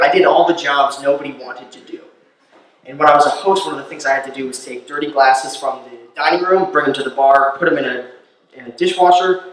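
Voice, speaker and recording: Echoey stand-up comic, slightly high voice. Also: male voice, recorded from a distance. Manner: storytelling, builds to loud incredulous rants. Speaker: stand-up comedian. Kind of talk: stand-up comedy set. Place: live comedy venue. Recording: very echoey room, voice from off-mic.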